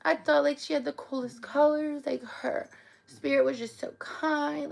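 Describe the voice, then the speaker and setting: A woman's voice: sits high, steady tone, a little slow, creaky. A woman hosting a casual live stream, talking emotionally and often tearfully. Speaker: livestream host.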